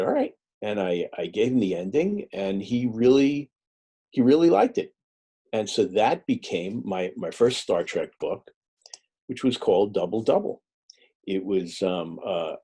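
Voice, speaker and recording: A middle-aged man speaking as an author at a public talk, his voice low and mellow. His storytelling is relaxed and halting, and he breaks into the voices of the people he quotes. The tone has a soft, husky grain.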